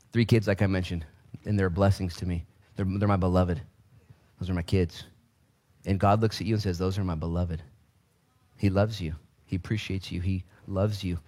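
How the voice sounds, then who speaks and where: A man's voice: deep voice, fairly even intonation, moderate pace, pauses often, a little mellow. A man in his thirties preaching a sermon as pastor, with joking asides and acted-out voices.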